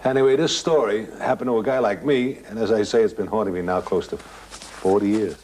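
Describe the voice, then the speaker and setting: Older guy in his 60s telling a ghost story, real low and husky, stops and restarts a lot. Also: a little mellow. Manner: halting, conversational, with restarts. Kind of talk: storytelling anecdote.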